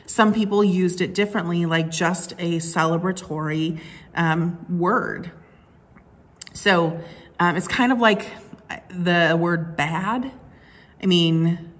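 Slow, low-voiced woman preaching. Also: fairly even intonation. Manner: conversational, with many fillers and restarts. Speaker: pastor. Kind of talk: sermon.

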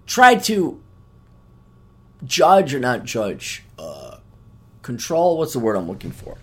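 A man's voice: mid-range voice, wildly swooping pitch, takes it slowly, long pauses, slightly rough. A man hosts a podcast solo, rambling in a profane, self-mocking way. His voice moves up and down a lot as he talks. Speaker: podcast host. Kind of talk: casual solo monologue.

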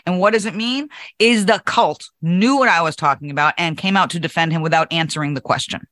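A woman's voice: lowish voice, lively intonation, fairly quick, pushed and bright, dry recording. A woman co-hosting a political talk show, speaking emphatically and indignantly, often laughing. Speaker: co-host.

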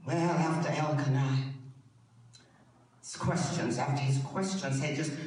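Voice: medium pitch, steady tone, unhurried, a little mellow. A preacher delivering a sermon with emphatic repetition and call-and-response, heard in a church sanctuary. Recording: echoey hall, distant mic, faint noise.

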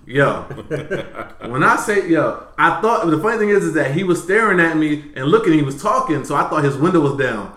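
A man with a slightly high voice tells a story in casual podcast chat. He is animated and profane, jumping from loud bursts to quiet mutters. The room around him is roomy and echoey. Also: moderate pace. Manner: animated, profane, swings between loud and low. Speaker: podcast host.

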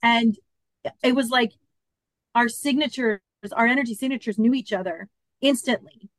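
A woman's voice: on the high side, normal speed, dry recording. A woman in her fifties, a podcast guest telling a personal story and acting out the dialogue in it. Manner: animated, acts out quoted dialogue. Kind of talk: storytelling in an interview.

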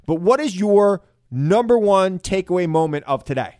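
A man hosting a political talk radio show, joking and stammering through quick restarts on a studio mic. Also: high-pitched, expressive, a little mellow, no room sound.

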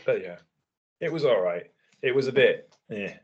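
A man co-hosting a casual wrestling podcast, talking in a relaxed, analytical way and laughing easily. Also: medium pitch, normal speed, slightly rough, dull audio.

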